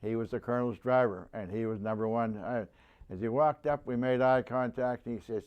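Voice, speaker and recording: A man's voice: mid-range voice, darkish tone, smooth. Veteran in his nineties, interviewee: rambling, stop-start storyteller who acts out the people he quotes. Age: 90s. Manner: halting, rambling delivery with many restarts. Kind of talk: oral history storytelling.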